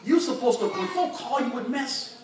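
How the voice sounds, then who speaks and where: High-voiced older preacher in an echoey church. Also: male voice, expressive, normal speed, background noise. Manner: folksy, humorous storytelling with colloquial speech. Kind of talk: sermon. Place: church sanctuary. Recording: echoey church recording from far off, congregation audible.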